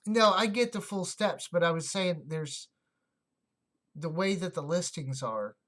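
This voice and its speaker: A slow-talking livestream host who chats casually and thinks out loud. The voice sits at a middle pitch, unhurried, often musing and replying to viewers. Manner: thinks aloud, chatty, talks back to chat comments. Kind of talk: casual livestream chat while sorting coins.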